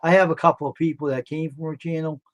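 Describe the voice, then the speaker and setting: A man's voice: a little high, steady tone, fast talker, dry recording. A man co-hosting a live stream, chatting casually and agreeing often with short murmurs. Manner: supportive listener, frequent murmured agreement.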